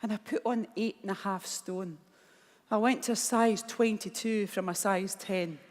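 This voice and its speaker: A middle-aged Scottish woman giving a keynote speech, telling blunt, animated stories and acting out the dialogue. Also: mid-range voice. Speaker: keynote speaker. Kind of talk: motivational keynote storytelling. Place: large conference hall. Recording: long hall reverb.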